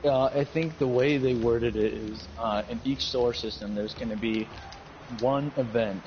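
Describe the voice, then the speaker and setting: A man co-hosting a casual chat, speaking loosely with halting phrases and fillers. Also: mid-range voice, fairly even intonation, slight background noise. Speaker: co-host. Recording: dull lo-fi sound.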